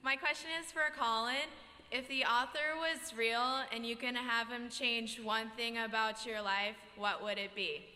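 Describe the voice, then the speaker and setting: A woman's voice: a little high, fairly even intonation, unhurried, sharp tone. A woman in the audience asking a polite question at a panel, a little nervous. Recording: echoey convention hall.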